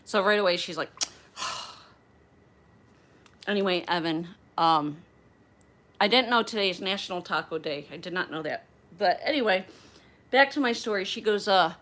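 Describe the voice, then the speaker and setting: Lowish-voiced woman host from outside Philadelphia, casual and animated storyteller. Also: normal speed, long pauses. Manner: animated, acts out the dialogue. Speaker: flight attendant and channel host.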